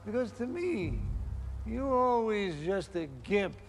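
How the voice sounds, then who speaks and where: A gravelly, slow-talking crime boss. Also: male voice, high voice, animated, slight background noise, exaggerated voice. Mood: taunting. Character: aging menacing male crime boss. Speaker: film character.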